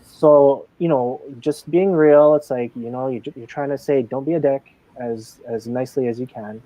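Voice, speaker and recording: A man's voice: medium pitch, fairly even intonation, moderate pace, warm tone, dry recording, highs cut off. A man in a casual live interview, telling stories from his casino job in a chatty way, full of fillers and acted-out quotes. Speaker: casino dealer and games manager.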